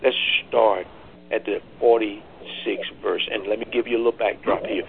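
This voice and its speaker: A man preaching a Bible study, drawing answers from listeners and rising from low teaching to loud cries. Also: steady tone, moderate pace, creaky, crowd noise. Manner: repeats words and phrases. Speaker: pastor leading Bible study. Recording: tinny phone-line call.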